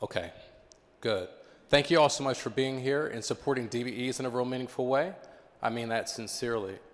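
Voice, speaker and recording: Male keynote speaker, mid pitch, engaging and interactive, long hall reverb. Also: fairly bright tone. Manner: engaging, quizzes the audience. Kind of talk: motivational talk to a live audience. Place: conference hall with live audience.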